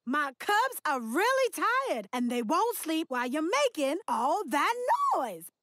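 A woman's voice: high voice, sing-song, a little slow, a bit bright, no room sound, exaggerated voice. A woman voicing a bustling, motherly female beaver in a children's cartoon, chatty and a little prim. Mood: fretful. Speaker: cartoon character.

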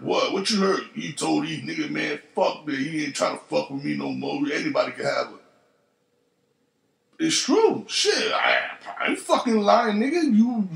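A man speaking tells a long, profane story on his podcast and slips into the voices of the people in it. His voice sits high and gravelly. The room gives it a noticeable echo. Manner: profane, animated, acts out quoted voices. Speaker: podcast host. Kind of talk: casual storytelling monologue.

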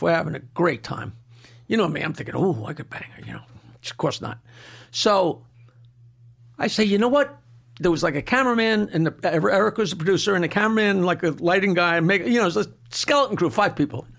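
Older man with a Long Island accent, boisterous storyteller who cracks himself up; high and gravelly. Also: fairly bright tone. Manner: boisterous, laughs through his punchlines. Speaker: comedian guest telling a story. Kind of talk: casual storytelling.

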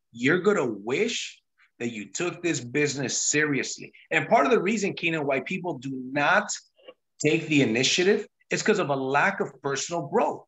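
A man's voice: a little high, a bit bright. A man hosting a sales team call, telling his own story in an emphatic, pushy, repetitive way. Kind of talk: motivational sales talk on a call.

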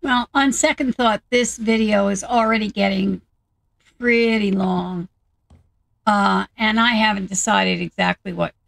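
Woman game commentator, very gravelly, dry close mic, chatty and unhurried. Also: mid-range voice, fairly even intonation, dry recording, poor audio. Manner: thinking aloud, chatty and unhurried. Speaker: gaming video host.

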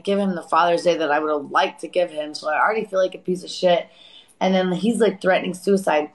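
A woman in her forties telling a painful personal story on a live chat, raw and profane, breaking into loud re-enacted outbursts. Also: fairly low pitch, low-quality recording. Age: 40s.

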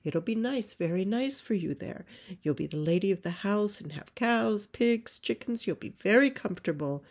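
A woman's voice: mid-range voice, expressive, normal speed, a little mellow, voice pushed up. A woman voicing a pushy farm woman who coaxes a girl into a match. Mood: coaxing. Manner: coaxing, emphatic, wheedling.

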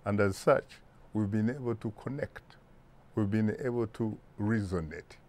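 A Ugandan-accented man in his sixties, answering interview questions in a deliberate, emphatic way with rhetorical asides. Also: lowish voice, a little mellow. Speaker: interview guest, broadcast journalist.

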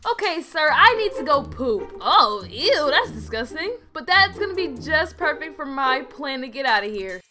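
Animated high-voiced woman gamer. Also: moderate pace, few pauses, soft background music. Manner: dramatic, indignant and chatty, lots of slang. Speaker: roleplay gamer narrating her own character. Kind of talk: casual game roleplay commentary.

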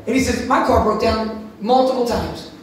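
A man preaching with a strikingly high voice, telling animated stories and breaking into sudden shouts. He is caught from a distance in a very echoey room. A faint hiss sits under the recording. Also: normal speed. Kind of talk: sermon wrap-up.

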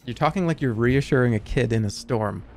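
A man streaming a video game live, narrating his play in an animated, self-mocking way with quick exclamations. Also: mid-range voice, slight background noise. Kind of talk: live gameplay commentary.

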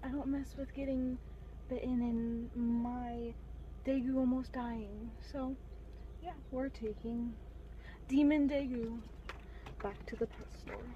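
High-voiced young woman vlogging. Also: slow, pauses often, dull audio, slight background noise. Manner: panicky and frantic with her pets, flat and tired when recapping. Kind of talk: casual vlog talk to camera.

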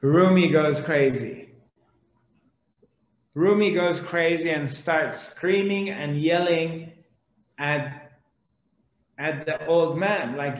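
A man, a spiritual teacher, telling a parable slowly and dramatically with pauses. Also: fairly high pitch, echoey room, low-quality recording. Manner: slow, dramatic storytelling with pauses. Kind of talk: storytelling discourse.

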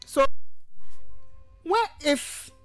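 A woman university lecturer giving a radio lecture on grammar, going through examples one word at a time. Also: faint music behind. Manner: slow, deliberate, lists examples one by one. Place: radio studio.

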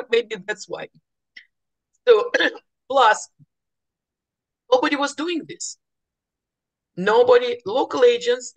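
A woman real estate agent speaking to fellow agents in a morning voice, telling stories chattily with restarts and acted-out bits of dialogue. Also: medium pitch. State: morning voice, clearing throat.

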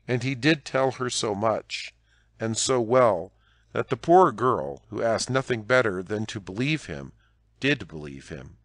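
A man with a lowish voice narrates an audiobook in a measured, expressive reading. The recording is dry and studio quality.

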